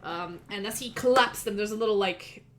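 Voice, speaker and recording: A woman's voice: mid-range voice, moderate pace, a bit bright, a little hiss or hum. A woman narrating as game master in a loose, filler-heavy way.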